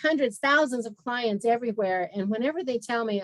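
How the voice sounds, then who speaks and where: On a video call with poor audio and no echo, a woman health practitioner appears as a guest speaker and tells her story frankly in an interview. She is candid and animated, acting out conversations, in a slightly high voice at a fairly quick pace.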